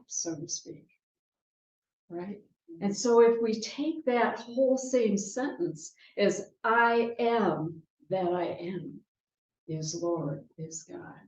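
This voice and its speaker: A woman minister giving a sermon in a chatty, lively way, laughing often and checking in with her listeners. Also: fairly high pitch. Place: church sanctuary. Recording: dull, roomy sanctuary sound.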